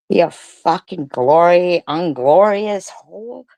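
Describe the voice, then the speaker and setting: In a low, gravelly voice, a female commentary streamer rants over comments she reads out, swearing, mocking, and throwing sarcastic rhetorical questions back at critics. She is expressive but unhurried, and the recording is dry.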